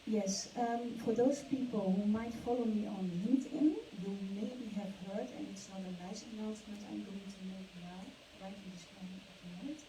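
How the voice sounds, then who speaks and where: A woman who chairs the jury, speaking at an awards ceremony. She is emotional and speaks in an earnest, halting way. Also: mid-range voice, steady tone. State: emotional, holding back tears. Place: event hall. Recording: echoey hall, distant mic, noisy.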